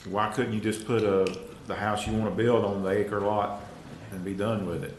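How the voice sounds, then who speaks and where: A low-voiced man on a planning commission presses an applicant with probing questions. He sounds distant from the mic, in an echoey room with a faint background hum. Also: fairly even intonation, normal speed.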